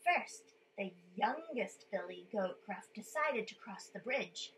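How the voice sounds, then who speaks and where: Animated woman reading a children's story. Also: a little high, slow, slight background noise, poor audio. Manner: animated, playful, asks the listeners to join in.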